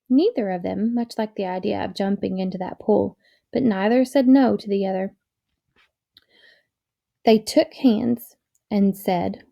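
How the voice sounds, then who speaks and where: Woman reading a children's chapter book aloud, gentle and measured, very mellow, gravelly, dull lo-fi recording. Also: mid-range voice. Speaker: reader.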